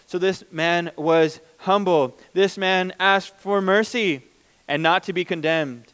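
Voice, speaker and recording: A man's voice: high voice, slow, fairly bright tone, clear, resonant tone. A man preaching a conversational sermon as pastor, plain-spoken and informal, often restarting mid-sentence.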